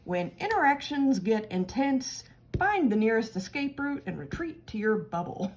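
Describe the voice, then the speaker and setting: A woman putting on the slow, grave voice of a male fish-man professor with a strange accent. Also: a little high, big pitch swings, very noisy, voice pushed up. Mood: solemn.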